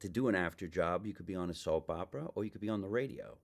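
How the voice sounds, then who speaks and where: A man's voice: low voice, rapid-fire, vocal fry. A man hosting a casual talk show, chatty and reminiscing. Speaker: host. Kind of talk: casual chat.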